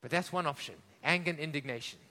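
A male preacher from Africa delivering a sermon, impassioned, swinging between loud emphasis and hushed drops and asking the congregation questions. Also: a little high, quick pace, big-room sound.

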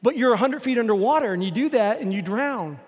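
A man putting on a calm dive instructor. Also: high-pitched, normal speed, natural voice. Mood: warning. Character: easygoing male dive instructor, adult. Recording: long hall reverb.

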